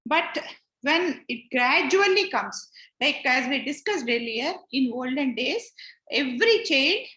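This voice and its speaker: Woman teacher, high bright voice, patient explanatory lecture in a roomy, echoey space. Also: expressive, measured pace. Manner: patient, repeats points and retells stories. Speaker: scripture study teacher.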